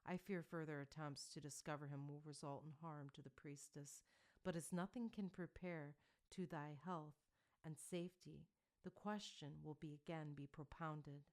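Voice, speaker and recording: A woman's voice: sits low, steady tone, normal speed, a little mellow. A woman reading the lines of a grave male priest who speaks in formal, old-fashioned phrasing.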